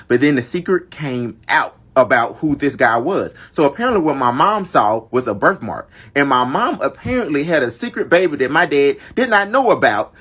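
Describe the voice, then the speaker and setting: A man's voice: on the high side, lively intonation, a little fast, few pauses, a bit bright. A young man narrating a dramatic family story to his viewers in a chatty, casual storytime style. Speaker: storyteller vlogger.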